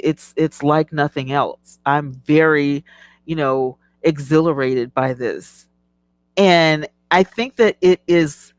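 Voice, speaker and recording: A middle-aged woman hosting a casual live stream, chatty and animated, laughing often as she reads viewer comments. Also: deep voice, no room sound, rough recording. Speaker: livestream host.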